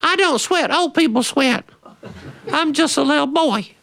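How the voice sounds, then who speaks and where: A squeaky little boy. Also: lively intonation, a little slow, creaky, a bit bright, a little hiss or hum, full character voice. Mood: whiny. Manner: high squeaky childish pleading. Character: little boy, young and whiny.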